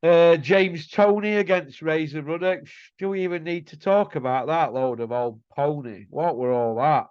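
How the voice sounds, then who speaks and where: A man rants in a blunt, scornful way, his voice sitting fairly high. The sound is dry and a little dull. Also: moderate pace, few pauses, darkish tone, clean tone, no echo. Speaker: host. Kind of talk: casual ranting commentary.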